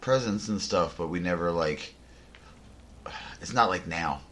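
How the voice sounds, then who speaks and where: A man hosting a podcast, telling a casual story in a rambling way, full of restarts and deadpan jokes. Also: sits low, a little slow. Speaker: podcast host. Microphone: headphones and desk mic.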